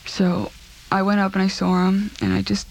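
A woman recounting a personal ordeal in an interview, speaking in a halting, subdued way and repeating herself. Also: medium pitch, monotone, gravelly.

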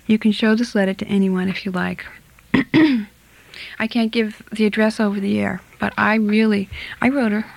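Gravelly-voiced woman radio host. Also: medium pitch, no room sound, low-quality recording. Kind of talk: reading listener letters on call-in radio.

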